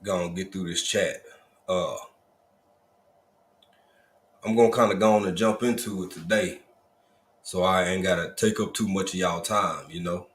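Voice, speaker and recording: A man's voice: low-pitched, fairly even intonation, normal speed, pauses often, echoey room. A man hosting a casual livestream, greeting viewers one by one in a folksy, easygoing manner. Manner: folksy, drawling Southern Black vernacular, repeated greetings. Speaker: livestream host.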